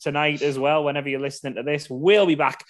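A man from England hosting a casual football podcast, chatty and quick to laugh. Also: on the high side, fairly even intonation. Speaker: podcast host.

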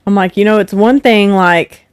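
With a medium pitch and moderate pace, a young adult woman chats as a guest on her husband's podcast. She's animated, relating stories and performing the quoted voices. Her tone is clean, with no echo and studio quality.

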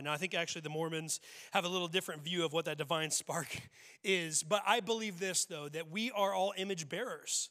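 Bright-voiced joking pastor in a reverberant hall. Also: male voice, a little high, fairly quick. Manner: conversational, humorous, frequent restarts. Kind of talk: casual sermon. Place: church sanctuary.

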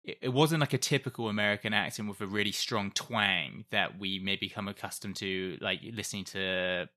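A man co-hosting a casual film chat, measured and a little hesitant. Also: lowish voice, pushed and bright. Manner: hesitant, measured, many fillers. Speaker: podcast co-host.

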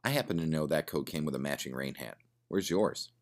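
A man's voice: rumbling low, animated, fairly quick. A man doing a prickly well-off woman. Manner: defensive, sharp retorts.

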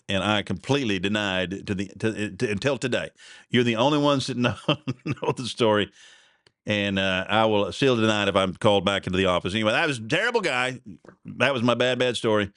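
A man's voice: fairly low pitch, a bit bright, clean tone, dry recording, clean studio sound. A man, hosting a podcast and telling a rambling personal story in a self-deprecating, chuckling way. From Oklahoma. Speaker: podcast host.

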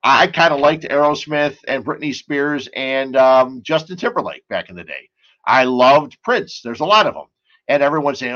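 A man's voice: medium pitch, expressive, moderate pace, fairly bright tone, highs cut off. A man hosting a casual sports and beer talk show, rambling and chatty, full of asides and stories.

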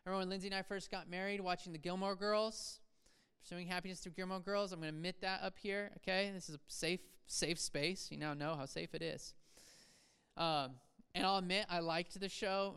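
Pastor in the pulpit, man, smooth clear voice, casual storytelling sermon with sudden emphatic peaks. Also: sits high. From Seattle area, USA. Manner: conversational preaching, self-deprecating asides, quick swings from soft to emphatic. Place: church sanctuary.

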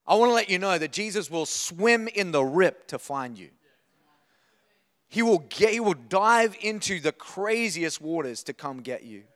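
A man's voice: fairly high pitch, a bit bright, clean tone, big-room sound. A man, preaching a passionate sermon and telling a personal story. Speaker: pastor.

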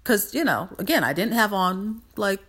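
A woman hosting a podcast in a casual motivational monologue, animated and emphatic, repeating phrases for emphasis. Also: medium pitch, normal speed, husky. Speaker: podcast host.

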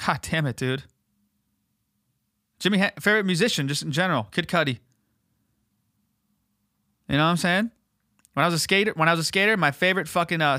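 A young man hosting a podcast, telling crude, animated stories in casual chat, swearing freely and acting out other people's voices. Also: fairly high pitch, dry recording, clean studio sound. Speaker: podcast host.

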